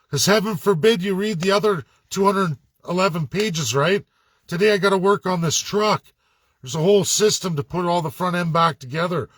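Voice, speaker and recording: A man's voice: sits high, normal speed, a bit bright, no echo. Sarcastic ranting man, dry sound. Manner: blunt, sarcastic and profane, mocking put-on voices. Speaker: political commentator. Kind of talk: angry rant to camera.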